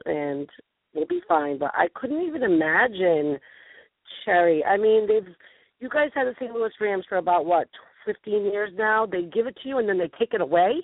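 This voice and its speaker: Brief: sniffly woman host with a cold, gravelly edge, animated and rambling, tinny phone-line sound. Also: mid-range voice, moderate pace, no room sound. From New England. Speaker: show host. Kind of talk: casual chat on internet radio.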